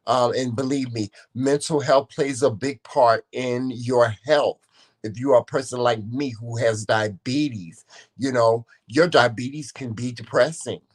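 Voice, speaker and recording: A man's voice: mid-range voice, steady tone, unhurried. Man chatting on a couple's podcast. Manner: repetitive, restarts sentences. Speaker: co-host. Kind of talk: casual podcast chat.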